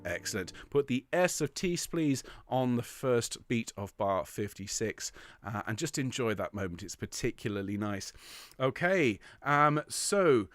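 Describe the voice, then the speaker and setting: A man's voice: mid-range voice, animated, a little slow, no room sound. A man leading an online choir rehearsal, explaining bars, counting in, and singing the lines with encouragement. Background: piano.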